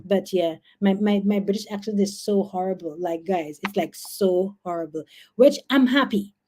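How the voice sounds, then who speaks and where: A woman's voice: mid-range voice, moderate pace. Chatty Guyanese woman live-streaming. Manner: chatty, excitable, laughs and exclaims often. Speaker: livestream host. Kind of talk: casual live-stream chat.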